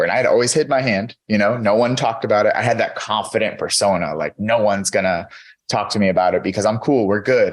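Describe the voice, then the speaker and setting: A man in his thirties, a podcast guest telling his own story in a candid, earnest way with lots of fillers. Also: low voice. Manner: earnest, candid, many fillers like "you know". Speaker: podcast guest, keynote speaker. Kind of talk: storytelling in an interview.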